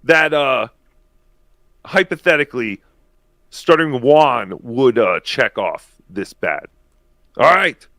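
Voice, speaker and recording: Lively, playful male co-host. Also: mid-range voice, slow pace, long pauses, dry recording. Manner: hesitant, with many fillers, playful. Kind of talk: casual legal commentary chat.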